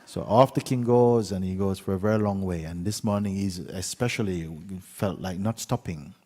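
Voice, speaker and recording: Deep-voiced man telling a fable in a hall. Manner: unhurried telling with pauses, dips to a hushed whisper. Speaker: spiritual teacher. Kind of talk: storytelling talk to an audience.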